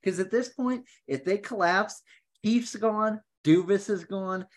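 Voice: mid-range voice, measured pace. A podcast co-host ranting about hockey in sarcastic, profane casual talk. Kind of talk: casual sports chat.

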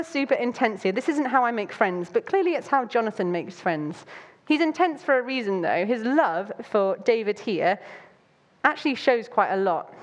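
Woman, young, preaching casually, quips and lively asides. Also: mid-range voice. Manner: chatty and jokey, with playful asides and bursts of animation. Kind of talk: informal Bible talk.

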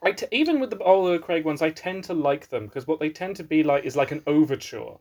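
A man with a slightly high voice works through his thoughts on a film, stumbling over "like" and restarting sentences as the analysis takes shape. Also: lively intonation, fast talker, a little mellow. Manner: hesitant, many likes and restarts, analytical. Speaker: podcast co-host. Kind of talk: casual film review chat.

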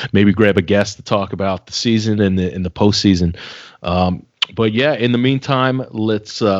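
A man's voice: lowish voice, no room sound, muffled recording. A man hosting a sports podcast, chatting casually and wrapping up the episode in an easygoing way. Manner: easygoing, chatty, wraps up show. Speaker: podcast host.

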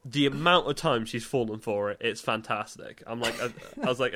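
A young man, co-hosting a podcast in casual chat, full of stammered restarts and quick laughs. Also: mid-range voice, sharp tone. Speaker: podcast co-host.

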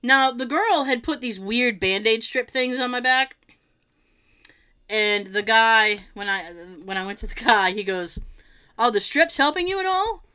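A woman chatting casually, telling an animated, laughing story with plenty of swearing. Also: on the high side, unhurried, clear, resonant tone. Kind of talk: casual chat.

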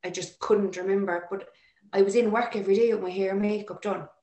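A woman telling a personal story in an emotional, halting way with many restarts. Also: medium pitch, fairly even intonation, mellow. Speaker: interview guest. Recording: echoey room.

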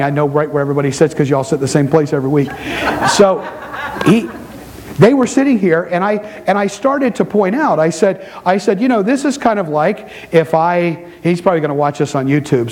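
A middle-aged pastor preaching to his congregation in a church, telling stories with quick asides and repeated words. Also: high voice, rough recording. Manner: animated storytelling preacher with quick asides and repetitions. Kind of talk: sermon. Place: church sanctuary before a congregation.

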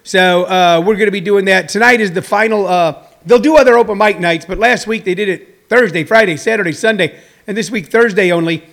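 A man's voice: high voice, fairly quick, creaky, a bit bright. A man, a stand-up comedian, talking casually to viewers in a livestream monologue, rambling with many fillers and restarts.

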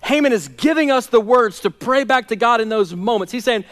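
A man's voice: very high voice, lively intonation, brisk, few pauses, a bit bright. A man preaching a sermon as a pastor, earnest and conversational, asking his listeners direct questions.

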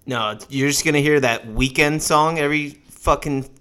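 A man's voice: fairly high pitch, moderate pace, fairly bright tone. A man co-hosting a casual sports podcast, laid-back and cussing casually as he runs through player names and picks. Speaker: podcast co-host.

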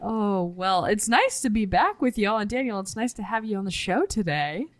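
A woman co-hosting a casual podcast, joking with puns and laughing often in a quiet studio. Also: mid-range voice, lively intonation, moderate pace, dry recording. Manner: playful, punny, laughs often. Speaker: podcast co-host. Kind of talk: casual cybersecurity podcast chat. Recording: dry studio sound, faint music.

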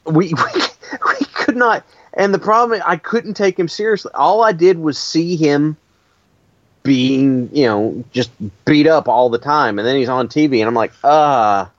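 A man hosting a casual chat, telling stories with lively energy and frequent laughs. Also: fairly high pitch, normal speed, no echo, muffled recording. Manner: animated storytelling, laughs often.

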